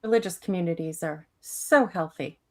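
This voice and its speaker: A woman on a podcast who reads scripture aloud and chats with a sarcastic, deadpan manner. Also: fairly low pitch, normal speed. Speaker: co-host reading scripture. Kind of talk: casual podcast chat and scripture reading.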